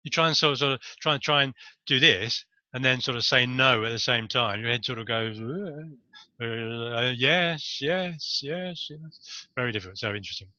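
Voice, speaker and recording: A man's voice: medium pitch, fairly even intonation, quick pace, sharp tone, dry recording, dull audio. A man giving a casual, rambling talk to camera on body language, with jokey asides.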